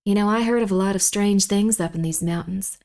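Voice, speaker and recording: A woman's voice: medium pitch, fairly quick, darkish tone, close to an everyday voice. A woman voicing a folksy old mountain local who tells spooky tales in a drawling, ominous way.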